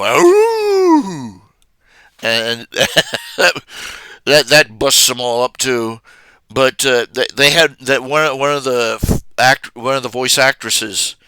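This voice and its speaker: A man's voice: mid-range voice, pushed and bright, clear, resonant tone, no room sound. A man chatting casually on his live stream, rambling with many fillers and restarts.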